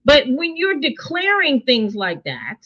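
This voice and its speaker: High-voiced woman, dull lo-fi sound. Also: huge pitch swings, a little slow, sharp tone. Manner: emphatic, opinionated, rhetorical questions. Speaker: co-host reviewing a TV show. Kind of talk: casual chat.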